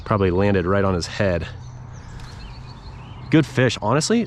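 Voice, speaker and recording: A man's voice: fairly low pitch, animated, moderate pace, pauses often, slight background noise. Chatty man fishing on a lake. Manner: chatty, talks to the fish and viewers. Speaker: fishing vlogger. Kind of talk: casual running commentary while fishing. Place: outdoors on a lake, on a paddle board.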